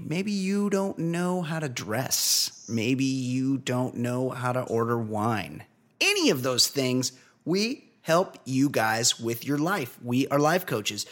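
A New Zealand man hosts a casual podcast, joking around and reading listener questions in a mock-formal announcer style. His medium-pitched voice swings widely in pitch, moves slowly, and sounds a bit bright.

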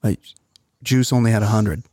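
A man co-hosting a comedy podcast, teasing his friends loudly and swearing freely in casual banter. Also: lowish voice, moderate pace, a loud crowd. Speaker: podcast co-host.

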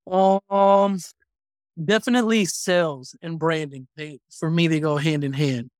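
A man in his thirties talks through his story as a podcast guest, animated and casual, pausing on plenty of ums. His voice sits a bit high for a man. The sound is dry and close, with no room around it. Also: no room sound. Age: 30s.

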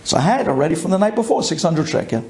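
A man from Brooklyn, telling a personal story with excitement, dropping low and then bursting into shouts. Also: fast talker, a little hiss or hum. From Brooklyn, USA. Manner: excitable, swings from hushed to shouting.

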